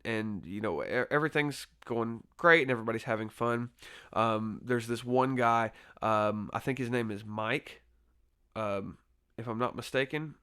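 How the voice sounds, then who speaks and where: A man's voice: medium pitch, bright, forceful tone, clean tone. A man casually reviewing a horror film, rambling with lots of fillers and restarts and laughing easily. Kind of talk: casual spoken movie review.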